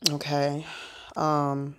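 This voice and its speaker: A woman's voice: low voice, monotone, extremely slow, fairly bright tone, clean tone. A woman talking casually on a phone livestream as a prayer minister, meandering with lots of fillers and asides.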